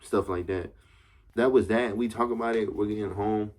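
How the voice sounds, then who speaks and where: A young man vlogs a casual story time straight to camera at normal speed, his lowish, darkish voice staying fairly even. The telling is rambling, slangy and full of swearing, with constant "you know what I'm saying" check-ins.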